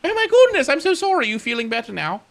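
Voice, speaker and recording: Pompous excitable admiral played by a man, shrill high voice, loud scolding, game role-play. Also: fast, gravelly, full character voice. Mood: fussing. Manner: exclaiming, scolding.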